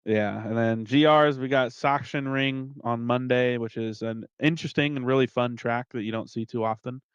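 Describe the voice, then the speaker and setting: A man's voice: medium pitch, normal speed, clean tone, dry recording, highs cut off. A man who runs the racing league, chatting casually about his race and the schedule, swearing and laughing along the way. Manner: relaxed, swears, laughs often. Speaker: league organizer and commentator. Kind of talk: casual chat.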